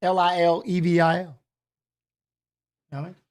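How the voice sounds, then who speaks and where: A middle-aged man with a high, light voice chats casually as a co-host during a live fight watch-along. He tells stories animatedly and often repeats his phrases. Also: flat delivery, normal speed, a little mellow.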